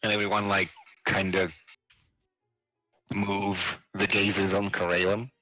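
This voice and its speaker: A man narrating as game master, pausing and filling gaps as he goes. His voice is low-pitched but bright, and he speaks slowly. Dry sound with faint music behind. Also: level tone, no room sound, low-quality recording. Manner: halting, with many fillers. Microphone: online voice call.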